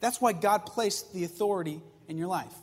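A man preaching to young people, lively and joking, asking the crowd questions and bringing a volunteer up on stage. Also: high voice, normal speed, big-room sound. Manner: lively, jokey, talks straight to the crowd. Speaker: youth pastor. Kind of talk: sermon with audience participation.

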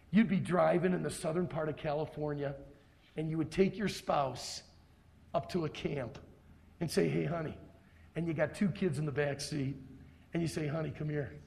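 A middle-aged man preaching a sermon in a camp meeting room, emphatic and repeating his points for stress, then dropping to a soft, hushed voice for a personal story. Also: a little high, normal speed, gravelly, long pauses. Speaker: pastor.

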